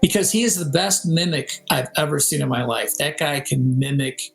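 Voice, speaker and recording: An older man, a game composer and audio director, chats casually in a video-call interview, his fairly high, creaky voice moving at a normal pace. He tells stories with energy, singing melodies and imitating voices. Faint music plays behind him, and the audio is poor.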